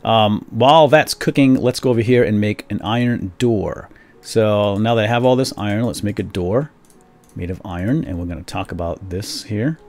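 A man's voice: fairly low pitch, moderate pace, darkish tone. A man hosting a casual game tutorial, chatty and laughing at his own jokes, with frequent ums and uhs. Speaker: tutorial host.

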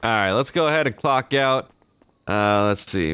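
A man's voice: on the low side, a little slow, a bit bright, smooth, no echo. Laid-back young man narrating roleplay. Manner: laid-back, swears casually, drawls out action emotes. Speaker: roleplay streamer playing a shop clerk. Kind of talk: casual gameplay commentary and in-character chat.

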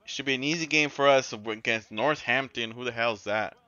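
Excitable man yelling over gameplay. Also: medium pitch, fairly quick, no room sound, muffled recording. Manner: excitable, yells and swears at the game. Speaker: gaming YouTuber. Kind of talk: casual gameplay commentary.

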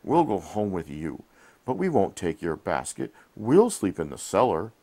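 A man voicing a solemn male cat brother in a bedtime storybook, speaking gravely and earnestly. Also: low voice, huge pitch swings, a little slow, mellow, exaggerated voice.

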